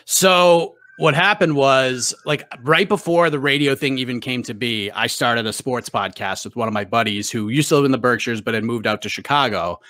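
A man's voice: medium pitch, normal speed, few pauses, pushed and bright, no echo, clean studio sound. A man with a Boston accent, a guest on a podcast, telling stories in a chatty way with lots of restarts and fillers. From New England, US. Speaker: guest, MMA reporter. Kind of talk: casual podcast interview.

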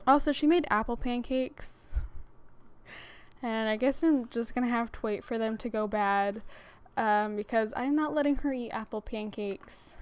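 A woman's voice: fairly high pitch, smooth. A young woman hosting a gaming channel, giving casual, rambling commentary and often laughing as she talks.

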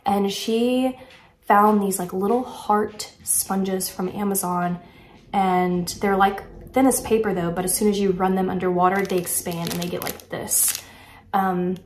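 A woman's voice: mid-range voice, fairly even intonation, a little slow, a little mellow, roomy sound, slight background noise. A woman chatting casually and enthusiastically while showing off a shopping haul, with lots of filler words. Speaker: haul vlogger. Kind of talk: casual product haul chat.

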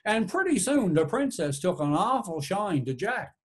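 A man with a Newfoundland accent tells a folk tale aloud at normal speed, his high voice swinging widely in pitch. His delivery is folksy and rhythmic, returning again and again to "she said" and "sure enough."

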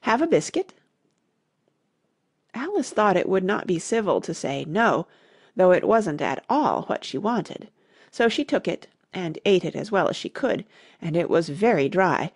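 A woman narrating an audiobook in an expressive storytelling manner. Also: lowish voice, moderate pace, vocal fry, dry recording, studio quality. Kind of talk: scripted narration.

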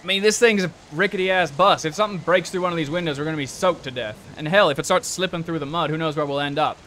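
A man doing a gruff, cursing grown man. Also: fairly high pitch, fairly quick, sharp tone, slight background noise. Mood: exasperated. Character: gruff, frustrated grown man, swears a lot.

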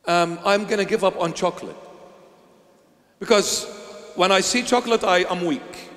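A man preacher acting out a whiny, weak-willed man who dreads the fasting season, in an excitable, exaggerated voice. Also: sits high, echoey room, big-room sound.

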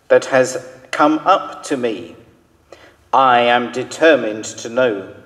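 Male lector, solemn scripture reading, very slow, long church reverb. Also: mid-range voice.

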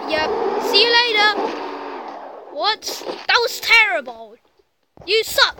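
A woman commenting on a physics game she is playing, excitable and teasing, trash-talking the crash dummy on screen. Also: very high-pitched, takes it slowly. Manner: excitable, shouts and trash-talks the game character. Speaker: gameplay commentator. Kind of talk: excited let's-play commentary. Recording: loud game music behind.

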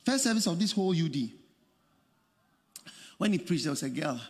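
A man preaching a sermon as pastor, swinging between shouted, sung phrases and quiet storytelling. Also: fairly high pitch, moderate pace, husky, long reverb tail. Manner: animated preaching, shouting and laughing.

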